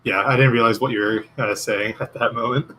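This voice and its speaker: A man's voice: medium pitch, steady tone, a little fast, bright, forceful tone, poor audio. A man chatting casually on a stream, meandering with many fillers and losing his train of thought. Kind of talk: casual chat.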